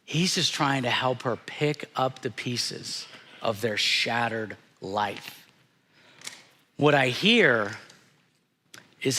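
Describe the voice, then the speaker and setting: Slow, earnest man preaching in a reverberant church. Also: mid-range voice, lively intonation. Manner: slow, earnest and reflective, dropping softly on hard moments. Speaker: pastor. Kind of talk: sermon. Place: church sanctuary. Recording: church sanctuary with long reverb.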